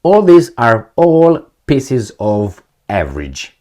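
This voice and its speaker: A man giving blunt solo commentary, firing rhetorical questions and swinging between loud and soft. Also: mid-range voice, huge pitch swings, takes it slowly. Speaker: political commentator.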